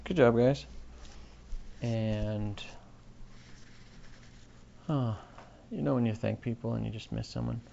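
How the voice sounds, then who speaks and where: A man's voice: fairly low pitch, fairly even intonation, slow pace, vocal fry, long pauses, mellow, dull audio. Podcast host, male, offhand and self-mocking, slight hiss under a home mic. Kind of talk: rambling solo podcast chat.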